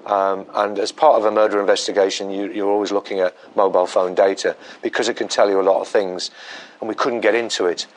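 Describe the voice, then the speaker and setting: A man, a police detective recounting an investigation in a documentary interview, measured and full of ums and restarts. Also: fairly low pitch, flat delivery, low-quality recording.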